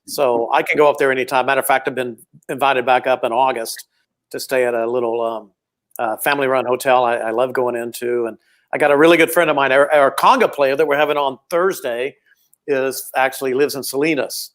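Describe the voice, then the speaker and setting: A man's voice: mid-range voice, fairly even intonation, brisk, fairly bright tone. A man hosting a casual chat, rambling and friendly, full of compliments. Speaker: podcast host.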